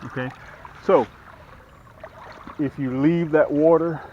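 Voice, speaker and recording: A middle-aged boat dealer demonstrates a boat outdoors by the water, giving a casual, folksy how-to while speaking straight to viewers as he works. His fairly high voice is steady and slow, and he's a little out of breath from lifting. The sound is lo-fi with a bit of hiss or hum.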